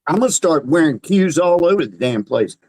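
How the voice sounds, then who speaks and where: A man's voice: on the high side, big pitch swings, fairly quick, darkish tone, poor audio. A man co-hosting a casual livestream, telling stories animatedly and swearing casually. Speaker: livestream co-host. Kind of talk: casual chat.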